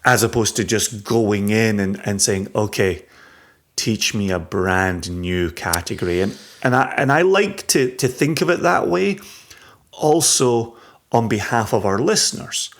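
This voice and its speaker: A man's voice: fairly low pitch, lively intonation, measured pace. A man co-hosting a casual podcast, teasing his partner and thinking aloud in a reflective way. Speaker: podcast co-host.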